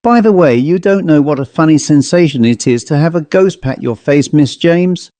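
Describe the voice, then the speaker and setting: A boastful young office clerk, played by a male reader, spinning a tall tale in a sly, teasing voice pitched a little above the narration. The tone is mellow and warm, recorded close and dry. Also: animated, moderate pace, no echo, natural voice.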